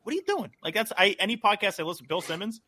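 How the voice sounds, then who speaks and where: A man's voice: high-pitched, very animated, fast talker, pushed and bright. A man talking casually as a podcast guest, rambling with many likes and restarts.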